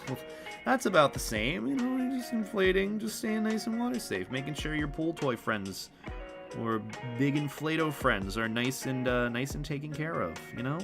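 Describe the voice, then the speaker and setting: A man's voice: medium pitch, animated, brisk, vocal fry. A young man chatting casually on a livestream, rambling and self-deprecating, with some swearing. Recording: music playing behind the voice.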